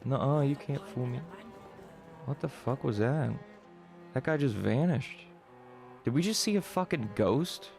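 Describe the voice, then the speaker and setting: A man's voice: mid-range voice, expressive, unhurried, creaky, pauses often, a little mellow, faint music behind. A man streaming a game, chatting and swearing casually as he plays. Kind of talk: casual gameplay commentary.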